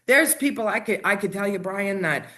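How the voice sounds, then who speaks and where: A woman's voice: mid-range voice, lively intonation, moderate pace, bright, forceful tone. Brief: woman hospice nurse as guest, emphatic storyteller, keeps checking in with "right?". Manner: emphatic, tells stories, repeats "right?". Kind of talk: candid interview talk.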